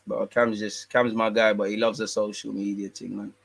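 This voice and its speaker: A man's voice: on the low side, flat delivery, moderate pace, creaky, dry recording. A man hosting a fan channel, casually reading and answering viewer comments in a slangy, bantering way. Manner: slangy, laid-back, bantering.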